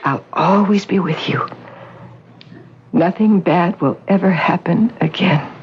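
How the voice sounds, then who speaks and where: An actress playing a scheming woman who poses as a gentle mother, speaking in a soft, coaxing, soothing way, in 1970s radio drama acting. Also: lowish voice, takes it slowly. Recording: dull old radio recording, faint hiss.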